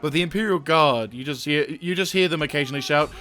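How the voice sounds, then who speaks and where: A young man narrating his own strategy game play with a bright, forceful voice. He talks in quick excitable bursts, snaps commands at his troops, and curses under his breath when things go wrong. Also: a little high. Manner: excitable, barks orders at troops, swears. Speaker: gaming channel host. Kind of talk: let's-play commentary.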